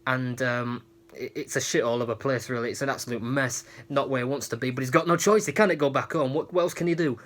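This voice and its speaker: A man's voice: mid-range voice, fast talker, fairly bright tone. Rambling man recapping an episode. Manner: rambling, lots of restarts. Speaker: episode reviewer.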